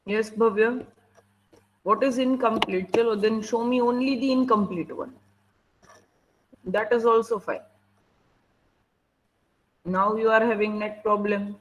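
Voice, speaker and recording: A woman's voice: fairly high pitch, steady tone, slow, pauses often, a little hiss or hum, low-quality recording. A woman teacher with an Indian English accent running an online class over a video call, strict and impatient as she prods students to answer.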